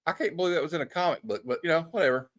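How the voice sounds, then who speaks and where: A man's voice: fairly high pitch, animated, rapid-fire, a bit bright. A man hosting a casual comic chat, joking and laughing as he reads old comic panels aloud. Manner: jokey, laughs often, reads panels in put-on voices. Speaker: comic show host.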